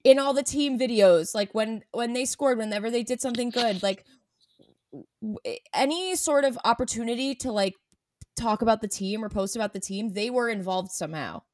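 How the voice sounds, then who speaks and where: A woman chatting casually as a podcast co-host, animated and sarcastic when she reads quotes aloud. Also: a little high, normal speed, dry recording, studio quality. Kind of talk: casual chat.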